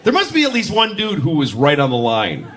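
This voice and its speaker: Man doing stand-up, deadpan storytelling, lively swooping pitch, faint noise. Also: a little fast, a crowd in the background. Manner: deadpan storytelling with sudden shouted voices. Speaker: stand-up comedian. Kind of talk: stand-up comedy set. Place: comedy club stage with audience.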